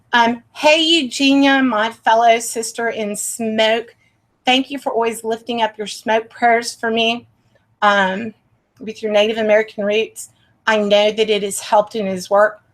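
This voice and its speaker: A woman hosts a casual livestream at her home computer. Her voice sits a little high, and she talks in a chatty, easily distracted way, greeting viewers by name. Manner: chatty, easily sidetracked, reads out chat names. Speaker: paranormal livestream host. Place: home streaming setup.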